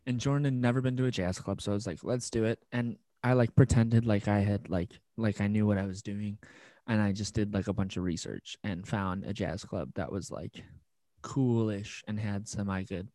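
A man's voice: on the low side, steady tone, normal speed, dark tone, dry recording. A man co-hosting a podcast, telling stories in casual chat and filling his sentences with "like". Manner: rambling storyteller, lots of "like". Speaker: podcast co-host.

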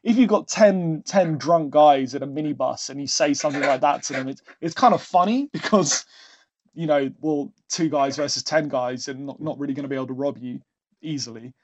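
A man guest on a podcast telling a story in a casual way, animated, often laughing and restarting his sentences. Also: on the high side, brisk. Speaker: podcast guest, travel agent. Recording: dull lo-fi sound.

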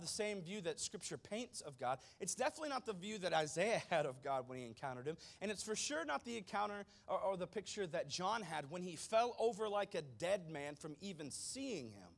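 A man's voice: high voice, sing-song, normal speed, vocal fry, hardly any pauses. Emphatic, dramatic preacher man. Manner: dramatic, emphatic, swings from hushed to loud; addresses the congregation directly. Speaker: pastor. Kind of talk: sermon.

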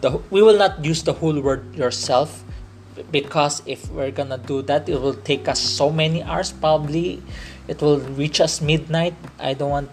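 A man's voice: a little high, a little mellow. A man from the Philippines with a Filipino English accent, hosting a faith-based podcast in an earnest way, often repeating and restating his phrases. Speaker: podcast host.

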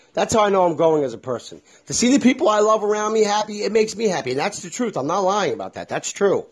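A middle-aged man talks straight into his own podcast, blunt and profane. His voice sits a little high and swings widely in pitch. The tone is husky and rough. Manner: blunt and profane, with a lot of feeling. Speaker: podcast host. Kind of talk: candid solo podcast monologue.

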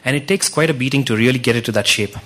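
A man's voice: mid-range voice, very fast, a bit bright. A man giving an earnest church talk with slides, telling stories with frequent restarts. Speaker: ministry speaker presenting to a church.

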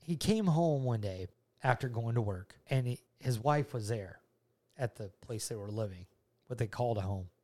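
A middle-aged man with a drawl tells a family story in a relaxed, rambling way. His voice sits at an ordinary pitch for a man. He repeats himself often and slips into the voices of the people he describes. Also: normal speed. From Georgia, USA. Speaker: father telling a story to his child.

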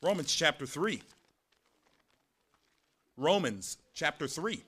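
A man preaching a morning sermon, animated, with sarcastic asides and words repeated when he gets going. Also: fairly high pitch, slow pace, husky. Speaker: pastor.

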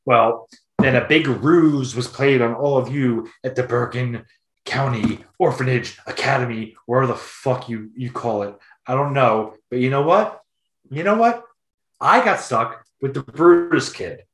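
A man's voice: medium pitch, animated, normal speed, a bit bright, lightly acted. A man voicing an angry, foul-mouthed father ranting on a payphone. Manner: ranting, cursing, combative. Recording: roomy echo.

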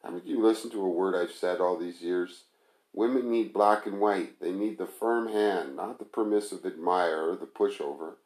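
A man's voice: low voice, moderate pace, a little mellow, lightly acted. A man voicing a blunt, scornful male restaurant manager who mocks and lectures his friend. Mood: lecturing. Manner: mocking, bossy, insulting. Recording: roomy echo.

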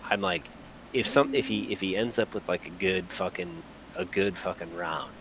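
A man's voice: sits low, expressive, a bit bright, slight background noise, low-quality recording. A man co-hosting a podcast in casual, profane chat, often restarting his sentences. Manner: profane, blunt, halting restarts. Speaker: podcast co-host.

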